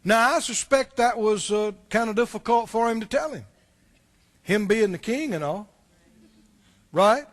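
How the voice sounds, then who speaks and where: Male pastor, very high voice, conversational sermon, quizzes the congregation. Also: measured pace, long pauses. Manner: conversational preaching, asks the congregation questions; repeats words when restarting.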